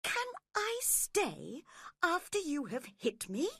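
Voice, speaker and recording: A gentle, well-mannered young gentleman, as a woman reader puts him on, courteous and easily wounded. The voice sits a little high and bright. Read slowly, as in a storybook. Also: huge pitch swings, no echo, studio quality, exaggerated voice. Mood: hurt. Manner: polite, pleading.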